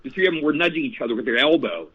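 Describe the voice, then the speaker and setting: A man in his sixties, an actor guest telling stories in a casual interview, animated and repeating phrases. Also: a little high, racing, slightly rough. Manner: animated, repeats phrases, addresses host by name. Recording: tinny phone line.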